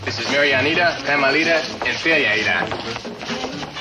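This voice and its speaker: A man's voice: mid-range voice, moderate pace, loud music behind the voice, lightly acted. An actor playing a polite young Latin American man with a Spanish accent and courtly, formal manners.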